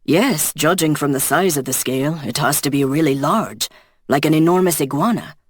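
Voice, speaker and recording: An audiobook narrator voicing an eager young man who talks in an excited, quick way. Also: medium pitch, slightly rough, no echo, studio quality, natural voice. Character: eager male assistant, excitable.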